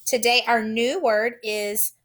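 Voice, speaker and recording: A woman teacher giving a recorded phonics lesson to young children, sounding out letters slowly, clearly and patiently. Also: fairly high pitch, steady tone, fairly bright tone.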